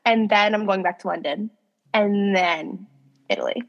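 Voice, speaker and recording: A woman's voice: mid-range voice, a little slow, gravelly, in a large hall, dull audio, faint music behind. A young woman in her twenties co-hosting a casual chat, telling stories with lots of laughs and "like". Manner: chatty, giggly, lots of "like". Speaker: podcast co-host. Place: New York.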